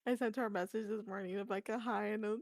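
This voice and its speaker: A woman's voice: medium pitch, fairly even intonation, fast, a little mellow, dry recording, clean studio sound. A woman chatting casually on a live stream, giggly and rambling with lots of fillers. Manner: giggly, trailing, filler-heavy. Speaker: stream co-host.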